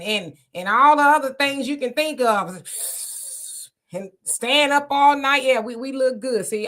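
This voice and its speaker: A woman's voice: fairly high pitch, a bit bright. A middle-aged woman hosting a live stream, chatty, laughing often and greeting viewers. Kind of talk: casual live chat reading comments.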